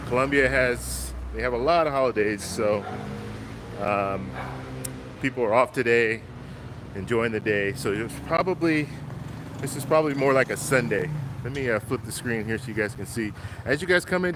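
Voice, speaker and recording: A travel vlogger hosts a walking live stream outdoors on city streets, his mid-range voice slightly out of breath. He chats and greets viewers by name, with background noise around him.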